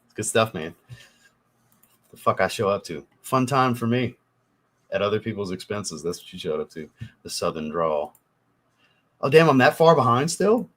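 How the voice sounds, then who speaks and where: A man hosts a casual fragrance livestream from home, talking loosely and swearing freely as he answers viewers. He is getting over a cold and coughs now and then. His voice sits a bit low. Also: sing-song, moderate pace, pauses often, fairly bright tone. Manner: loose and profane, swears often. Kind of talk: casual livestream chat reading comments.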